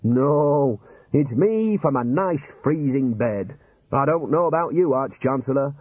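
A man's voice: medium pitch, animated, a little slow, a little mellow, dry recording, highs cut off. A man voicing a sly, scheming old wizard dean who speaks in a mock-casual way.

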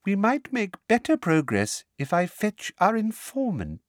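A man's voice: sits high, huge pitch swings, a little slow, no room sound, studio quality, pitched above the performer's own voice, heavily acted. A man voicing a silky, falsely sweet middle-aged witch official who turns snappish.

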